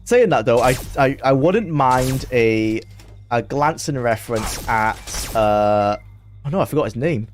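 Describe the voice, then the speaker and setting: A man's voice: medium pitch, expressive, a little hiss or hum. Chatty man streaming a game. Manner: rambling, chatty, quick to laugh. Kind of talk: casual live-stream gameplay commentary.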